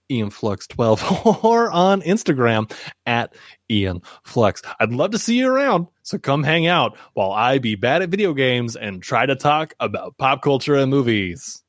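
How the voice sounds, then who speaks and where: Playful jokey man, lively voice. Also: medium pitch, dry recording, clean studio sound. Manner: playful, jokey, slips into a mock radio-host voice. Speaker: podcast co-host. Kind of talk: casual podcast chat.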